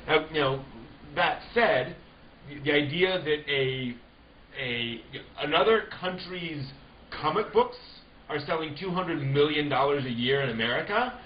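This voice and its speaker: A man's voice: on the high side, lively intonation, unhurried. A man hosting a casual podcast panel chat, easygoing and filling with lots of agreement. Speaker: podcast host. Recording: roomy, dull podcast audio with faint hiss.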